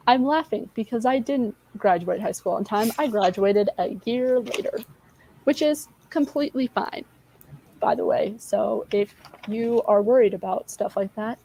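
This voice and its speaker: In a poor-quality recording with slight background noise, a woman in her twenties co-hosts a casual stream. She's candid and self-mocking, rambling and losing her train of thought, speaking at normal speed in a medium, somewhat mellow voice.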